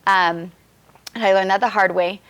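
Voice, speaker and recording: A woman's voice: medium pitch, steady tone, normal speed, fairly bright tone, clean tone. A woman in her thirties chatting candidly and self-deprecatingly on a talk show. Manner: candid, self-deprecating, laughs while talking. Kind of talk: casual chat.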